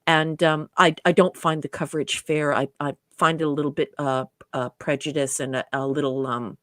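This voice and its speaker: A woman discussing a TV episode in casual podcast talk, stopping and restarting often and trailing off softly. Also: low-pitched, steady tone, normal speed, dry recording, studio quality. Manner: hesitant, many restarts and fillers, trails off softly. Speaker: guest co-reviewer.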